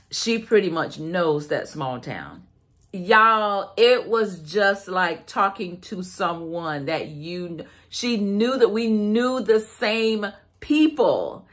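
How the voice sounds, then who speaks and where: Her voice sits on the lower side with a touch of brightness. She's a vlogger from South Carolina, USA, chatting informally with viewers in a Southern accent and calling them "y'all."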